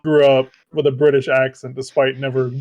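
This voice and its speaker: A man's voice: mid-range voice, level tone, fairly quick, darkish tone, no echo. A man in a casual podcast chat, blunt and profane, laughing mid-sentence. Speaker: podcast co-host.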